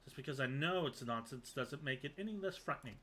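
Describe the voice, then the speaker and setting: A man's voice: mid-range voice, animated, fast, bright, forceful tone, a little hiss or hum, voice pushed up, poor audio. A man voicing a fussy, long-winded woman scholar with prim, old-fashioned wording. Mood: jumpy. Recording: game music behind.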